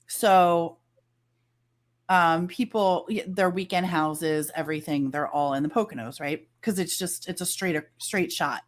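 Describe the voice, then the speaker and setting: Woman, lower pitch, casual storytelling, animated, quotes dialogue. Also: unhurried. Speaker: guest.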